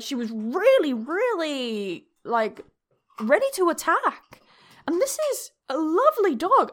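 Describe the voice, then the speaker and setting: Young female podcast host, high pitch, casual and sweary. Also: a bit bright. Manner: chatty, laughing, swears freely. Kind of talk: casual storytelling.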